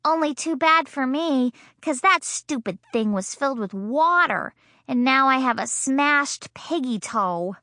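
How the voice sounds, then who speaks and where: A woman voicing a loud, excitable little first-grade girl who whines and shrieks dramatically. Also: sits high, a little slow, no room sound, clean studio sound, pitched above the performer's own voice, full character voice. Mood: pleading.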